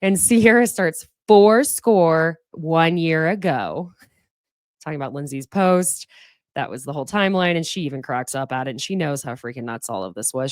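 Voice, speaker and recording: A woman hosting a reality TV recap podcast, giving animated, sassy commentary with big jumps in pitch. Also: moderate pace, dry recording, studio quality. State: sniffly from allergies. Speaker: podcast host.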